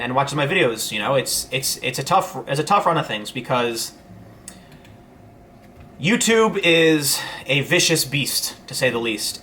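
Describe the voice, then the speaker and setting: A man's voice: medium pitch, bright, forceful tone, slight background noise. A man, hosting a casual livestream and answering viewer messages in a rambling way, full of fillers and restarts. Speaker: host reading viewer chat.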